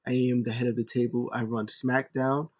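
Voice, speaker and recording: A man imitating a boastful wrestling champion who talks at a middling pitch, slow and commanding. He threatens in a measured way, stumbling and restarting his words now and then. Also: level tone, close to an everyday voice.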